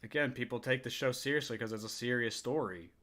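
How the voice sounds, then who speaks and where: A man's voice: medium pitch, fast, fairly bright tone. A man hosting a reaction video, talking in a defensive, exasperated way. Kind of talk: casual commentary.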